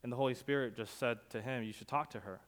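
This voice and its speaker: A male pastor preaching a sermon, telling stories conversationally and swinging from loud emphasis to quiet asides. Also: medium pitch, fast. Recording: long hall reverb.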